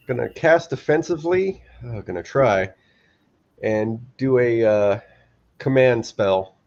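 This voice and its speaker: A man's voice: mid-range voice, lively intonation, slow, vocal fry, long pauses, darkish tone, muffled recording. A man playing a tabletop game, thinking aloud as he declares his moves. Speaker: player.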